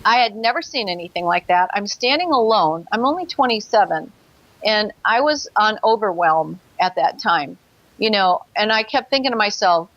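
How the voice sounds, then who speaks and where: A woman's voice: medium pitch, animated, normal speed, fairly bright tone, no room sound, lo-fi sound. A woman telling her own experience as a guest in an interview, earnest, acting out her past thoughts. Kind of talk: personal account in an interview.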